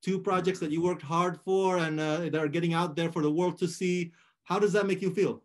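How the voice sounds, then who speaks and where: A man's voice: sits high, steady tone, brisk. A man hosting a casual interview, asking enthusiastic questions. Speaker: interviewer, host.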